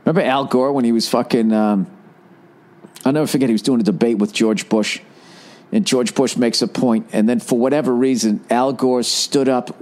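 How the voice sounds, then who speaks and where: A man in his forties talks on his podcast in a loose, comedic rant. His delivery is profane and animated, and he breaks into quick mocking impressions. His voice sits at an ordinary middle pitch. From United States. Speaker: podcast host. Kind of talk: casual comedic monologue.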